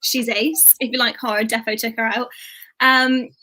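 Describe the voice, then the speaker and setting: A woman's voice: fairly high pitch, level tone, normal speed, pushed and bright. A woman comedian with a Bristolian accent, chatting as a guest over a video call, laughing often and using casual slang. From England. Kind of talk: casual chat show interview.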